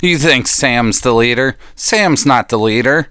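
Smug teasing outlaw boss, played by a man; bright, dry sound. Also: mid-range voice, animated, measured pace, smooth, no echo. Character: smug male outlaw general on gold throne.

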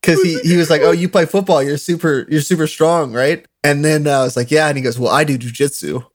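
Young dude telling wild stories, kinda high voice, keeps laughing. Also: male voice, fast. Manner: animated storyteller, laughs often. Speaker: podcast co-host. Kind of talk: casual storytelling chat.

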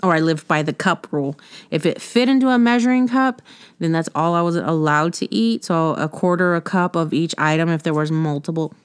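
A woman's voice: sits low, a little fast, clean tone. A woman hosting a casual solo podcast, talking in a rambling, candid way with curse words and laughter. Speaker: podcast host.

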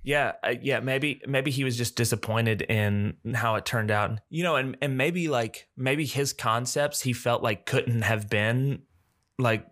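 A man's voice: medium pitch, a little slow. A man casually chatting about film adaptations on a podcast, hedging a lot. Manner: relaxed, hedging with "like" and "apparently". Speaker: podcast co-host.

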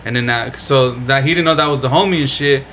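A young man co-hosting a podcast, telling stories in a slangy, profane, animated way. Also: mid-range voice, fast talker, a little hiss or hum, rough recording. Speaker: podcast co-host. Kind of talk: casual chat, storytelling.

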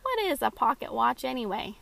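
A woman's voice: sits high, big pitch swings, fairly quick, vocal fry, a bit bright, full character voice. A woman voicing an eager, curious young boy who keeps asking questions.

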